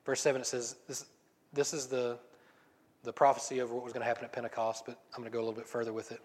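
A man preaching a sermon, reading scripture passages aloud and then explaining them in a relaxed, conversational way. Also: medium pitch, quick pace. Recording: long reverb.

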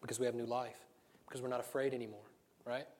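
A man preaching a sermon in a relaxed, conversational way. He tells stories, asks his listeners rhetorical questions and laughs often. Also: mid-range voice, fast.

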